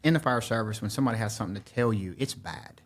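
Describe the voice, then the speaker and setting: Guy, middle-aged, slightly low voice, tells a story like he's reliving it. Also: rapid-fire. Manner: animated storyteller who acts out his own quotes. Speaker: podcast guest, former firefighter. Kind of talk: storytelling in casual conversation.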